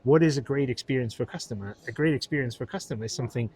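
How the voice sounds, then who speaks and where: A middle-aged man taking part in a casual industry talk as co-host. He speaks at a middle pitch, stresses his points firmly, and often breaks off to restart a phrase before pressing on. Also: rapid-fire, darkish tone, husky. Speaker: co-host, hospitality industry expert.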